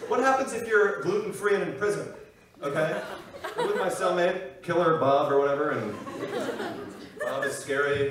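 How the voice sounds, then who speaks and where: A young man doing energetic stand-up comedy on a university stage, often asking "okay?". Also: on the high side, normal speed. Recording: echoey room, distant mic, loud noise.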